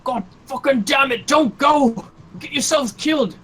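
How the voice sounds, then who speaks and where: A man voicing a panicked young man who yells at his friends not to run off and get killed. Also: extremely high pitch, measured pace, voice pushed up. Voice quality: shouting, strained.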